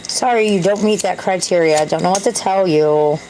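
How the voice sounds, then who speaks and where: A woman's voice: lowish voice, brisk, a little mellow, a little hiss or hum, poor audio. A woman talking to camera in a candid, self-deprecating, rambling way. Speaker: vlogger. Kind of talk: casual rambling monologue.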